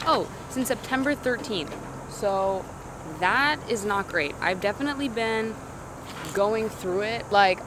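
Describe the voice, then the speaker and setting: A woman's voice: medium pitch, noisy background. A young adult woman chatting casually to camera in a vlog, rambling and slangy, often cutting herself off. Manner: rambling, slangy, self-interrupting. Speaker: vlogger. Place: outdoors in a city in the morning.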